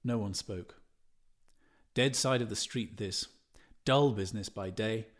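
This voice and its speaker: A man narrating a literary audiobook in a measured, even reading voice. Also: on the low side.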